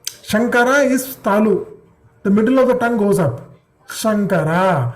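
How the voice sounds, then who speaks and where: A man's voice: very high-pitched, moderate pace. A man teaching an online class. He repeats syllables patiently and checks that the students follow. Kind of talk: online class drilling pronunciation.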